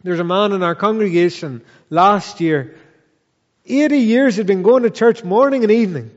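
A man preaching a sermon in a church, earnest and measured, pressing his listeners with repeated questions. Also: high voice, big-room sound, muffled recording. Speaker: pastor.

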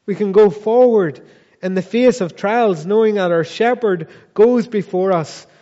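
Slow, earnest preacher. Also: male voice, high-pitched, mellow, in a large hall, lo-fi sound. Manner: earnest, measured preaching with repeated questions and slow emphatic phrases. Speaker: pastor. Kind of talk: sermon. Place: church.

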